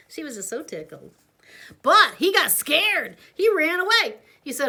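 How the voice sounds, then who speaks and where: A woman reading a picture book aloud to a child, playful, with chatty asides and hushed whispers. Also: sits high, big pitch swings, normal speed. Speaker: parent reading a storybook to a child. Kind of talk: animated read-aloud storytelling.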